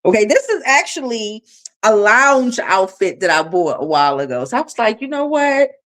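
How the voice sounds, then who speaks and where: A woman hosts a casual livestream on her phone and answers her viewers' comments. She speaks bluntly with a lot of swearing. Her pitch swings widely and with energy from line to line. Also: normal speed. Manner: blunt, profane, animated. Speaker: livestream host.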